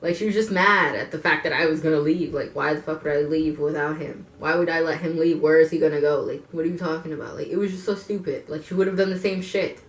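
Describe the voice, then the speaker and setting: A woman's voice: deep voice, fairly even intonation, quick pace, hardly any pauses. A woman in her twenties telling a personal story to her viewers, blunt and frank, swearing freely and turning to the audience with asides. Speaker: vlogger. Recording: echoey room.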